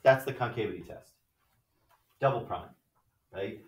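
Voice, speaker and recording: Speaking unhurriedly with lively intonation, a man with a slightly high voice explains math step by step in a classroom lecture, frequently tossing in rhetorical "right?" questions. The sound is distant and echoey, picked up far from the mic.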